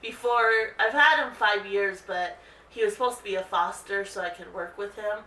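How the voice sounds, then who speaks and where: A woman dog trainer explaining training steps calmly in a casual instructional video. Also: moderate pace, far from the mic, slight background noise. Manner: calm explaining, breaks into high sing-song calls to the dog. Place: indoor room. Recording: roomy echo, voice a bit off-mic.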